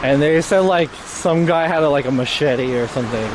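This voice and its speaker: A man's voice: a little high, moderate pace. Rambling cursing man streaming outdoors. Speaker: IRL streamer. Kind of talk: casual live-stream storytelling. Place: outdoors on a city street in light rain. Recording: street noise behind.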